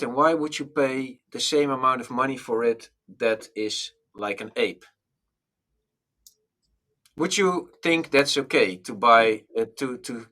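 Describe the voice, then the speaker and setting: Bright-voiced man arguing casually. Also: mid-range voice. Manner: argumentative, many restarts. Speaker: music coach. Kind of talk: casual podcast chat.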